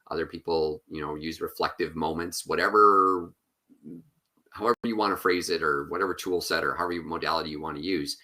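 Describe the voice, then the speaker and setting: A man speaking as a keynote speaker and author, giving a conference talk and telling stories in quick, animated bursts. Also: low-pitched. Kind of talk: conference talk over video.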